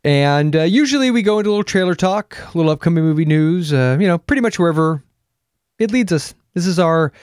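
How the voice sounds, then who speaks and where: A man's voice: a little high, expressive, quick pace, darkish tone, clear, resonant tone, dry recording, studio quality. A man co-hosting a podcast in casual, joking, playful banter. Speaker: podcast co-host. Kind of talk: casual chat.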